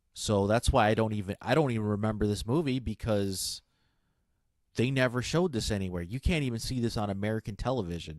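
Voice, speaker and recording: A man's voice: fairly low pitch, darkish tone, no room sound. A man in casual chat, rambling with lots of fillers and restarts. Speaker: guest on a comic stream.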